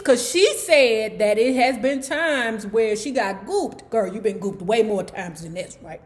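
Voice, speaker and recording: A woman's voice: on the high side, measured pace, few pauses. A woman hosting a book club, retelling a memoir in a chatty, sassy way with asides to her viewers. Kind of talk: casual storytelling book commentary.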